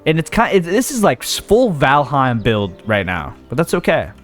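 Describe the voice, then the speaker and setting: A man's voice: mid-range voice, sing-song, normal speed, faint music behind. Casual man thinking aloud while gaming. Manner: thinks aloud, talks himself in and out of ideas, trails off. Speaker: gaming video host. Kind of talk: casual let's-play commentary.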